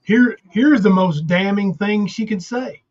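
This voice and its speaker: A man co-hosts a stream and presses his argument earnestly, pointing listeners to each clip. His voice is notably high, and the audio is dull and lo-fi. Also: unhurried, a little mellow. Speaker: co-host. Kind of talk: casual commentary on played clips.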